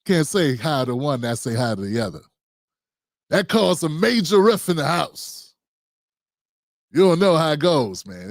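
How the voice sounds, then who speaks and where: A man in his fifties hosts his own talk show, rambling from joke to aside in loose, slangy speech. His voice sits a touch high for a man. The sound is close and dry, with no room in it. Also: dry recording. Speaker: host. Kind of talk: casual political talk show monologue.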